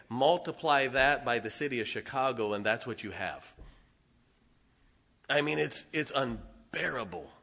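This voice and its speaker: A middle-aged man preaching a sermon as pastor, telling humorous personal stories in a folksy way and swinging between quiet asides and loud emphatic lines. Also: mid-range voice.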